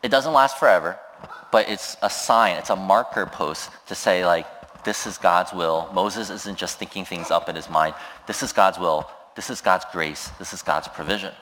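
A man's voice: deep voice, normal speed, in a large hall, a little hiss or hum. A man preaching a sermon, retelling a scripture story in a conversational way and voicing the people in it. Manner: retells scripture with lively voiced quotes, frequent fillers. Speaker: pastor.

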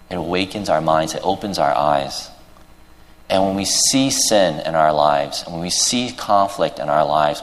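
Deep voiced preacher guy telling a story in his sermon, lots of ums, echoey big hall. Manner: earnest storytelling with many fillers and restarts. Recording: long reverb in a large hall.

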